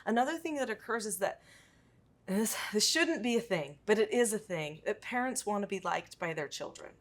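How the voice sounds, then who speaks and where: A woman's voice: medium pitch, animated, fairly quick. A woman parenting expert, a guest on a talk show, explaining ideas confidently in casual chat.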